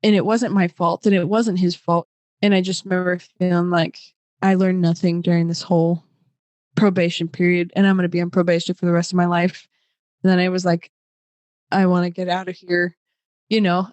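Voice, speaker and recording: A woman's voice: fairly low pitch, flat delivery, fairly quick, darkish tone, dry recording. A young woman telling a personal story as a podcast guest, casual and emotional, with lots of fillers.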